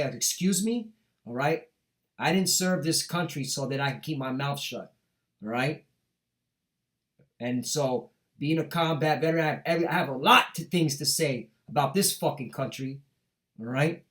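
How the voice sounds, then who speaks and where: A man's voice: mid-range voice, moderate pace, long pauses, a bit bright. A middle-aged man preaching a heated street sermon, reading scripture and breaking off into profane rants, punctuating lines with "all right?" and "man".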